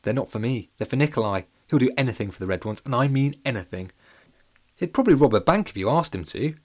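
A man's voice: mid-range voice, expressive, quick pace, close to an everyday voice. A man voicing a scheming genius little boy with a sly, smug manner.

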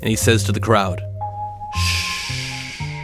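A man's voice: mid-range voice, moderate pace, over music. A man telling a dramatic personal story in punchy, short clipped phrases.

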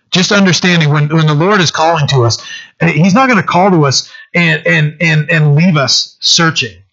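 A man's voice: fairly high pitch, fairly bright tone, dull audio. A man preaching a sermon, reading scripture and then urging his listeners with earnest, urgent appeals. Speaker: pastor.

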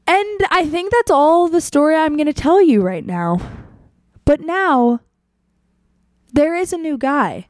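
A woman's voice: sits high, sing-song, unhurried, pauses often, darkish tone, no room sound, clean studio sound. A young woman hosting a podcast, telling a story in a chatty, candid way, acting out quotes and swearing freely. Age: young adult. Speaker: podcast host. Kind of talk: casual storytelling monologue.

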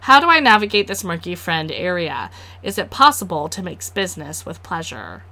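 A woman's voice: lowish voice, big pitch swings, normal speed, bright, forceful tone. A woman co-hosting a friendship podcast, chatting casually, joking around and reading listener letters aloud. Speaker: podcast co-host. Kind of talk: casual chat.

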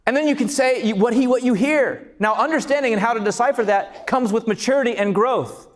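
A man preaching a sermon as pastor, passionate and building to shouts on key lines. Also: extremely high pitch, a little fast. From California.

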